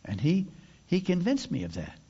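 A man's voice: high-pitched, wildly swooping pitch, moderate pace, dark tone, slightly rough, lo-fi sound. An older man preaching a sermon in a folksy, conversational way, with many restarts and asides. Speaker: pastor.

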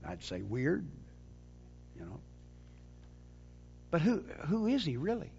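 Male preacher, high and very animated, emphatic delivery with repeats, dull lo-fi recording. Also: normal speed, pauses often, slightly rough. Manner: lively, emphatic, with sudden drops to low quiet phrases; frequent repeated words and restarts. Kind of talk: sermon.

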